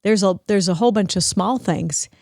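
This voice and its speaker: A middle-aged woman hosting a podcast, talking warmly and emotionally to her father, grateful and close to tears. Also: mid-range voice, moderate pace, gravelly, no room sound. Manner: emotional, grateful, at times tearful. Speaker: podcast host. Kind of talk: heartfelt family conversation.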